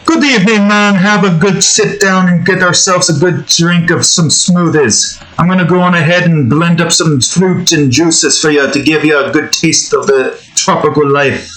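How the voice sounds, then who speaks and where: A man voicing a cheery, laid-back man with a put-on Jamaican accent who offers tropical smoothies, in a high, hearty pushed-up voice. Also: normal speed, few pauses, fairly bright tone, close to an everyday voice, rough recording. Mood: welcoming.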